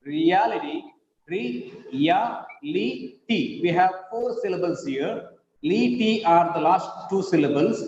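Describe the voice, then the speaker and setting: A high-voiced man teaches word stress, spelling words letter by letter and repeating each one slowly. His voice rings in a roomy space with a long tail of reverb. The sound is dull and lo-fi. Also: animated, darkish tone. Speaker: English teacher. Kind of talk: online pronunciation lesson. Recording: echoey room, dull lo-fi sound.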